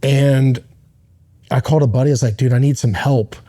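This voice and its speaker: With a steady, mellow, mid-range voice, the middle-aged American ex-Navy SEAL relates a personal story while being interviewed. He restarts often, sounding halting yet sincere.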